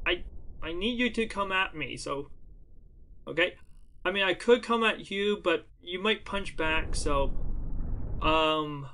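A man's voice: sits high, takes it slowly, pauses often, bright, forceful tone, a little hiss or hum. A man giving playful, jokey gameplay commentary as a let's play host, chatty and full of fillers, restarts and mock taunts.

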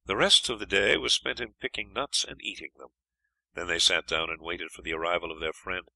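A man narrating an adventure audiobook in a steady, even storytelling manner. His voice sits low and gravelly with a bright, forceful edge, and the recording is dry and close. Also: brisk, no room sound, rough recording. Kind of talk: scripted narration.

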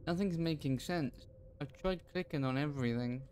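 A man's voice: fairly high pitch, moderate pace, darkish tone, a little hiss or hum. A man co-hosting a gaming video, teasing his friend while puzzling over what to click. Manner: teasing, grows baffled at the puzzle. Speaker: gaming channel co-host. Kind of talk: casual let's-play banter.

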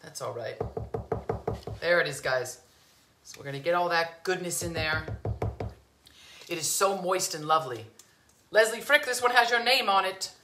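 Bright-voiced woman hosting a kitchen demo. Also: on the low side, lively intonation, normal speed, long pauses, reverberant, a little hiss or hum. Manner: gushing, calls viewers sweetheart and lovies. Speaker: cooking show host. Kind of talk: casual cooking demo chat. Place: home kitchen.

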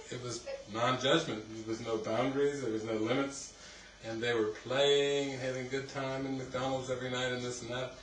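Man telling stories in a roomy hall. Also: mid-range voice. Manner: rambling, laughing, animated storyteller. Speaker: spiritual teacher. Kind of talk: casual storytelling talk. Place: retreat hall. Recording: roomy, distant, noisy ambience.

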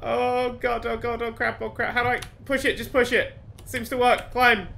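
This high-pitched, gravelly male voice is animated and sharp, moving at normal speed. He runs a gaming channel and narrates a let's play in a jumpy way, muttering to himself and cursing frequently.

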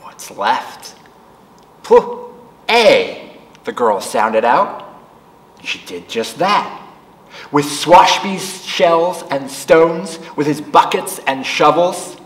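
Male storytime reader, unhurried, very animated, distant mic in a roomy space. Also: a little high. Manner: slow, animated read-aloud voice for children. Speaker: children's librarian reading aloud. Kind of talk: storytime read-aloud. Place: library room. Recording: echoey room, distant mic.

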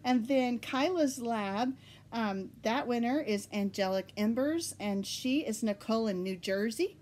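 A woman with an Oklahoma accent chats casually from her home, hosting her knitting podcast. She pitches slightly high and sounds bubbly and easily excited, often giggling as she talks. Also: measured pace, slight background noise. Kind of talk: casual chat.

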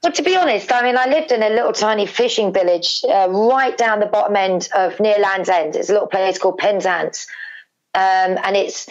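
Speaking at a moderate pace in a medium-pitched voice, a middle-aged English woman appears as an interview guest and shares an emotional family story over a muffled recording. She tells it animatedly, repeating words and mimicking what people in her family said.

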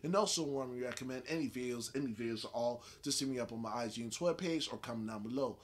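A man's voice: medium pitch, fast. A man hosting a reaction video, giving casual commentary and repeating himself often. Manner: laughing, animated, repeats phrases.

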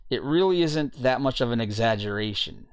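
A man giving an informal Bible teaching, reading scripture passages aloud and pausing to look up verses as he goes. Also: medium pitch, expressive, clean tone, no room sound. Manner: reads scripture aloud, searching for verses mid-talk.

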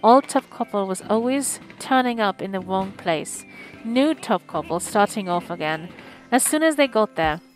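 A woman reading a classic novel aloud on a stream, with lively, expressive storytelling. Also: medium pitch, normal speed, faint music behind, poor audio. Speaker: audiobook streamer.

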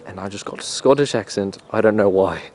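A man with a fairly low voice narrates a mock nature documentary while filming outdoors. He sounds mock-serious, crude and rambling. The camcorder audio carries clear outdoor background noise. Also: a little fast, a little mellow. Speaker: narrator and camera operator. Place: outdoors in a neighborhood.

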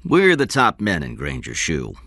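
A man's voice: low-pitched, huge pitch swings, moderate pace, vocal fry, bright, forceful tone, no echo, clean studio sound, heavily acted. A man voicing a pushy, insistent sales chief. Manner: insistent, persuasive. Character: pushy male sales chief, thin and quick.

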